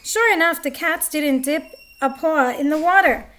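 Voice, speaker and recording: A woman reads a picture book aloud in a chatty way and stops now and then to point out the pictures. Her voice is high and bright. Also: normal speed. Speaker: story reader.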